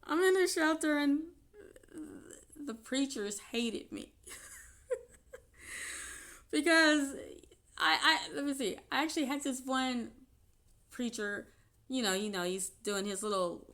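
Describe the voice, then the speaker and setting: A woman's voice: a little high, takes it slowly, long pauses, fairly bright tone. A woman telling a personal story in an unscripted vlog, chatty and laughing often between her sentences. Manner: chatty, with many fillers and restarts. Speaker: vlogger.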